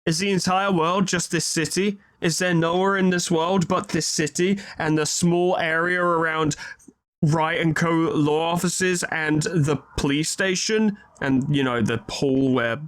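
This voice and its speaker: A man's voice: fairly high pitch, steady tone, a little slow, a bit bright, no room sound. A man giving casual, joking and sarcastic commentary while playing a video game. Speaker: let's play host. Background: game music.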